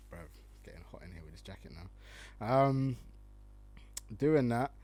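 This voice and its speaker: A man's voice: mid-range voice, animated, takes it slowly, darkish tone. A young man from the UK, hosting a casual solo podcast, slangy and laughing often as he reads out tweets. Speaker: podcast host.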